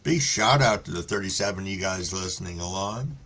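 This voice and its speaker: A man's voice: low-pitched, animated, fairly quick, fairly bright tone, breathy edge. A man hosting a live stream, chatting casually with viewers in a laid-back, rambling way and swearing freely while stoned. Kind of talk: casual chat reading viewer comments.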